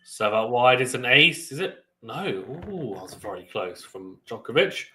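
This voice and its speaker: A young man calls a tennis match live for a watchalong stream, his voice bright and forward with a ringing edge. He moves from steady point-by-point description into sudden loud bursts of surprise. His pitch sits in an ordinary middle range. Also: normal speed. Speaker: watchalong host.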